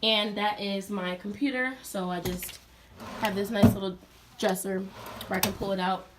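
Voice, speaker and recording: A woman's voice: mid-range voice, steady tone, moderate pace, very noisy. A young woman in college giving an upbeat, chatty tour of her dorm room and speaking straight to her viewers. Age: young adult. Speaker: college student vlogger. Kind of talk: casual dorm tour vlog.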